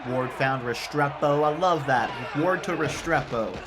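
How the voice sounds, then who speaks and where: Excitable young-sounding man narrating gameplay. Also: on the high side, measured pace, noisy background. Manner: excitable, reacts loudly to plays, talks to the players. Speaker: gamer playing a football video game franchise. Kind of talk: casual let's-play commentary. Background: game music.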